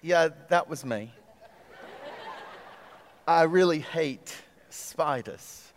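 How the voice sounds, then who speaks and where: A man's voice: fairly high pitch, animated, measured pace, in a large hall. Man doing a sheepish Aussie bloke. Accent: attempted Australian. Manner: sheepish, quiet. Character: sheepish Australian man afraid of spiders.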